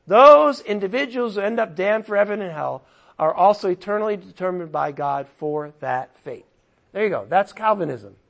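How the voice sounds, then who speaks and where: A man preaching a verse-by-verse sermon in a high, gravelly voice. He talks to his listeners conversationally and leans hard into emphatic, emotional passages. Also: fairly bright tone. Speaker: pastor. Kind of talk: expository sermon.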